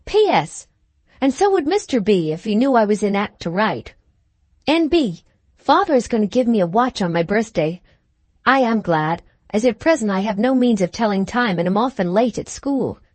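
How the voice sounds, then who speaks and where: Storybook figure: a cheeky schoolboy, chirpy and bouncy, voiced by a woman narrator. Lively, lifting voice on every postscript. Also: fairly high pitch, normal speed, no room sound. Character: cheeky schoolboy writing to grandma.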